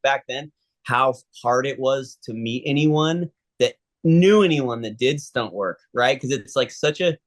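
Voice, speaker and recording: A man, a stuntman guest, telling a long story in a casual interview and acting out the people in it. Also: medium pitch. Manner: animated storyteller, acts out quoted people.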